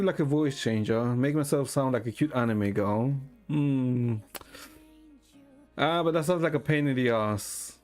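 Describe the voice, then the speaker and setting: A man streaming and chatting with viewers in a deadpan, rambling way, swearing now and then. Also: medium pitch. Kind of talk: casual chat with viewers.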